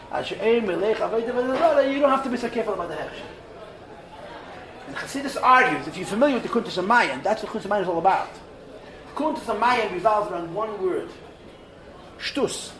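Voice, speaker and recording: A man teaching a Torah class, animated and mixing in Hebrew and terms. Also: high-pitched. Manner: animated, mixes Hebrew and Yiddish terms, acts out voices in asides. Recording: roomy hall, voice from far off the mic.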